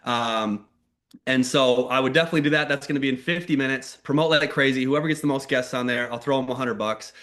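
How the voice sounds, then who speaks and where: A man in his thirties from Minnesota, giving a lively motivational talk with stories on a mentorship call. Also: medium pitch, fast talker. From Minnesota, USA. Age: 30s. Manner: energetic, acts out quoted voices loudly. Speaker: network marketing mentor. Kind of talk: motivational storytelling on a group call.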